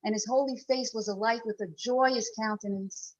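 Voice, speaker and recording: Earnest high-voiced woman speaker. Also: fairly even intonation, normal speed. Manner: earnest, rising and falling in loudness. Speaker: speaker at a women's gathering. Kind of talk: inspirational talk with storytelling. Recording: dull lo-fi recording.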